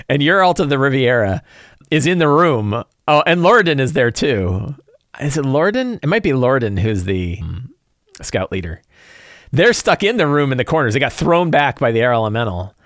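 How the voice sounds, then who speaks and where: Game master, male, rambling and lively, dry close sound. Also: medium pitch, no echo. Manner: rambling with many restarts. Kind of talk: casual game prep talk.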